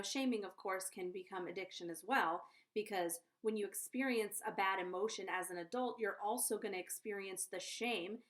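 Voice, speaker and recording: A woman speaks straight to her viewers in a casual advice vlog, earnest and chatty. She keeps turning back to her audience to check they are following. Her voice sits at an ordinary middle pitch. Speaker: conscious parenting coach.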